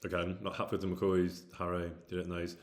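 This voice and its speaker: A man's voice: low-pitched, level tone, fairly quick. A man streaming casually, reading out viewer questions and answering them in a rambling way with many hesitant fillers. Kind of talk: casual live-stream chat.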